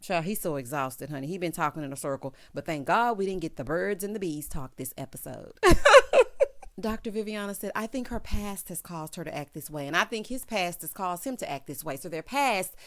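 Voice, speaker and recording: A woman's voice: fairly low pitch, lively intonation, fairly quick. A woman host giving a casual, sassy recap of a reality show, talking with features and peppering her speech with "honey" and "child.". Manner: sassy, chatty, full of "honey" and "child" asides.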